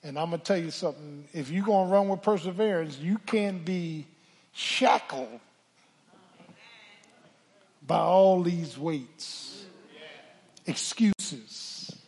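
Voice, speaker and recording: Older male pastor, raspy and high, preaching with call-and-response in a reverberant sanctuary. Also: takes it slowly, pauses often. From Philadelphia. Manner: call-and-response preaching, swings from hushed to shouting. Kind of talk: sermon. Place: church sanctuary. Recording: church hall reverb.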